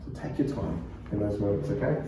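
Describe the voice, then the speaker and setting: A pastor with a New Zealand accent, teaching a preaching workshop in a calm, conversational way and laughing often. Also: male voice, fairly low pitch, brisk. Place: church hall. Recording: echoey room, far from mic.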